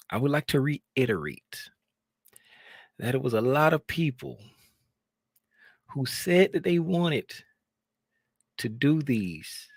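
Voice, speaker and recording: A man giving casual live-stream commentary as a trading educator, rambling and animated, repeating phrases as he vents. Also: mid-range voice, husky, no room sound.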